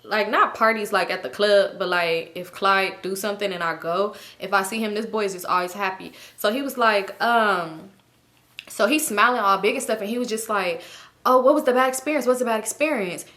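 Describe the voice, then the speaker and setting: A woman's voice: mid-range voice, moderate pace, bright, forceful tone. A young woman telling a storytime vlog in casual slang, addressing her viewers as y'all. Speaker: vlogger.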